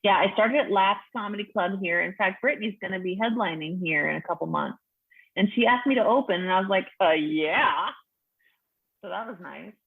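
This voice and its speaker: A woman in her forties talks comedy in a frank, profane, laughing way, her voice husky and breathy. She comes through a video call on a tinny, phone-like line. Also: medium pitch, fast talker. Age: 40s. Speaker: stand-up comedian, guest. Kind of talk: casual chat.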